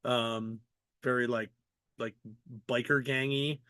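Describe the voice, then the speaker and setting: A man hosting a podcast takes things slowly, his medium-pitched voice steady, bright, smooth and forceful. He chats casually and rambles, using lots of fillers and swearing once in a while. The audio has studio quality with no room sound.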